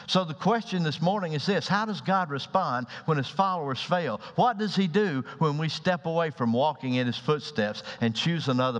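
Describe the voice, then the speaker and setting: A man preaching a sermon in a church, dramatic in delivery and acting out the voices in his stories. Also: a bit bright. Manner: dramatic, acts out quoted voices with rising pitch. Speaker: pastor. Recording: lo-fi recording with long hall reverb.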